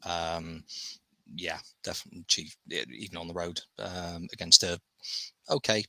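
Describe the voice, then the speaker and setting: A man co-hosting a sports podcast, giving steady, matter-of-fact analysis with frequent ums. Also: low voice, moderate pace, vocal fry, no room sound, poor audio. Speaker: co-host. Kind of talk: casual sports podcast chat.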